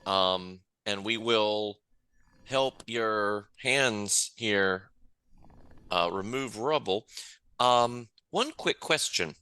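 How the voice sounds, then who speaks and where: Bright-voiced man playing a tabletop game. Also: lowish voice, extremely slow, clean tone, no echo. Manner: hesitant, many fillers. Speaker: player.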